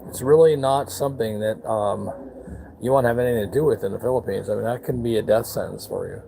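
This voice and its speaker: A man's voice: mid-range voice, fast talker, gravelly, background noise. A man from the United States talking bluntly in a rambling, casual vlog on his back deck outdoors, with lots of fillers and restarts. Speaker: vlogger.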